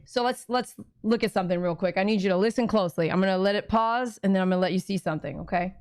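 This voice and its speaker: A woman who runs a grooming salon talks casually to her viewers, chatty and easily moved. Her voice sits at a middle pitch for a woman. The sound is dry and close, with no room echo. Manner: chatty, emotional, addresses viewers directly. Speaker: dog groomer and channel host. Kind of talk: casual talk to camera.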